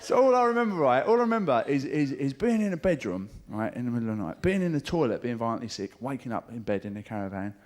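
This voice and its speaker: A man's voice: mid-range voice, big pitch swings, quick pace, hardly any pauses, darkish tone. A middle-aged man doing live stand-up, chatty and swearing, mimicking voices for jokes, with audience laughter behind him. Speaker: stand-up comedian. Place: comedy club stage.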